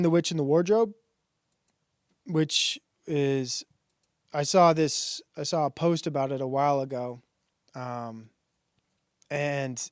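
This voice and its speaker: Rambling, halting man streaming. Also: on the high side, no room sound, clean studio sound. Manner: rambling, halting, many fillers. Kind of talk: casual stream chat.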